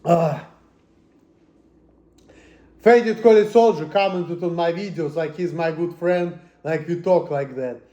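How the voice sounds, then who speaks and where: A man ranting to the camera in a profane, agitated way, swinging between muttering and shouting. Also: a little high, takes it slowly, pauses often, roomy sound. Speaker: vlogger. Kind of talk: angry personal rant.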